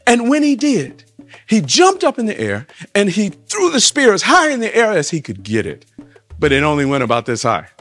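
A man telling a folktale to listeners, with rhythmic refrains and big shifts in pitch and volume. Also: huge pitch swings, normal speed, fairly bright tone, soft background music. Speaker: storyteller.

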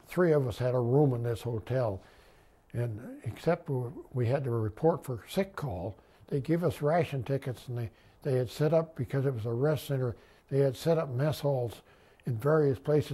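A man's voice: mid-range voice, husky. A man in his nineties, a war veteran, telling his story in an oral history interview. He rambles, restarts sentences, adds wry humor, and lifts his voice when quoting others. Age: 90s. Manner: animated retelling, lifting his voice for quoted dialogue.

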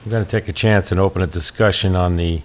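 Deep-voiced man chairing a town board. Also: steady tone. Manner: measured, procedural, with frequent fillers. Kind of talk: town meeting proceedings. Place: town hall meeting room.

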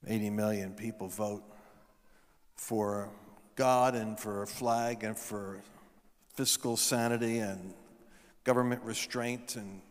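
A man in his fifties preaching at a revival meeting, emphatic, dropping into low asides and lifting for his points. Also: steady tone, slow, pauses often. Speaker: guest preacher. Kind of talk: revival sermon. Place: large indoor event venue. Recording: long reverb of a big hall.

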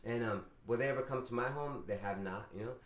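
A man speaking hesitantly on a podcast, halting often and filling the pauses with "um" and "you know". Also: mid-range voice, reverberant. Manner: hesitant, halting, many fillers. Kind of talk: candid podcast conversation.

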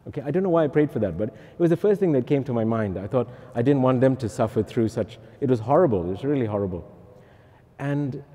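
A man's voice: mid-range voice, dark tone. A man, a Catholic priest, giving an earnest, conversational personal testimony to pilgrims, often checking in with "okay?". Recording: long hall reverb.

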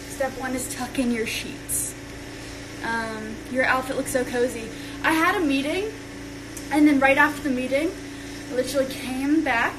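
A young woman with a high voice chats casually and rambles on a phone livestream while she tidies her bedroom. A steady hum of background noise sits under her voice. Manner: chatty and rambling, talks while tidying up. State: out of breath. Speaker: social media creator.

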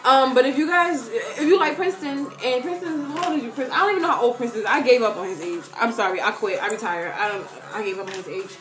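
A woman chatting to camera in an animated way, answering viewer questions and calling her viewers girl. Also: on the high side, fast talker, hardly any pauses, reverberant. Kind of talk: casual chat to camera.

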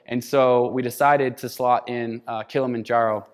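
Guy in his 30s telling a climbing story on stage, smooth resonant voice, long hall echo. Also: medium pitch, moderate pace. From United States. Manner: animated storyteller, acts out quoted dialogue. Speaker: keynote speaker. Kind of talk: storytelling keynote talk. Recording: hall reverb.

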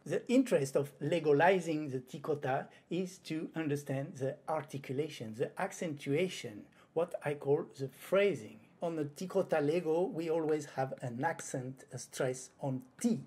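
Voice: mid-range voice, moderate pace, a little mellow, breathy edge. A flamenco guitar teacher giving an online lesson, explaining patiently and voicing rhythm syllables aloud. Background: faint guitar playing.

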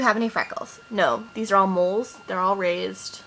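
Reading out questions and then answering them in a casual, jokey way, this Boston-accented woman in her twenties from Boston, Massachusetts, films an accent challenge vlog. She has a mid-range, steady, a bit bright voice at a moderate pace. Recorded on an iPod built-in mic, the audio is poor, with a little hiss or hum.

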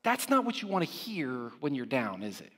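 A man's voice: mid-range voice, huge pitch swings, normal speed, fairly bright tone, slightly rough, long reverb tail. A man preaching a sermon in a conversational way, often checking in with his listeners through rhetorical questions. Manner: conversational, with frequent rhetorical "right?" check-ins. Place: church sanctuary.

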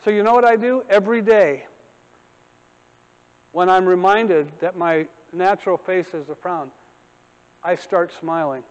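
A middle-aged man preaches in a church sanctuary, telling stories with humor and animated asides. His voice sits high, and long reverb from the hall trails his words. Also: a little slow, long pauses, clear, resonant tone, dull audio. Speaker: pastor. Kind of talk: sermon.

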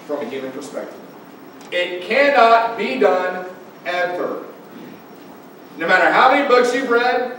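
A high-voiced male pastor preaches in a church sanctuary, pressing his point with questions to his listeners. His voice booms back from a very echoey hall, picked up from some distance by a room mic, with faint noise underneath. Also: a bit bright. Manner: preaching with rising emphasis and direct questions to listeners. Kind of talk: sermon.

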